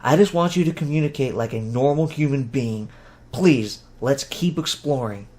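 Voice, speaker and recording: A man's voice: medium pitch, normal speed, a little mellow, close to an everyday voice. A man reading an audiobook, voicing a firm, practical young woman with an exasperated manner. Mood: stern. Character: practical, stern young woman, older sister.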